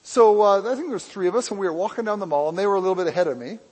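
A man preaching and telling a personal testimony in a rambling, animated way, with a mixed, hard-to-place accent. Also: high voice, racing, in a large hall, low-quality recording. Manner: rambling, self-interrupting, animated storytelling. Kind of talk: sermon testimony storytelling.

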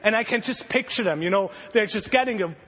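A man preaches in a high, light voice that rings with long reverb through a large hall, sounding like a sermon for children and a congregation. He narrates with animated energy, slipping into the voices of panicked disciples, speaking fairly quickly over slight background noise.

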